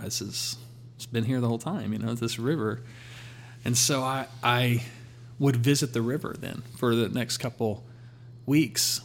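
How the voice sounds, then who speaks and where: A man sharing a personal faith testimony in a relaxed conversational way, acting out his talks with God. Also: medium pitch, slight background noise. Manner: storytelling, quotes God in a calm voice.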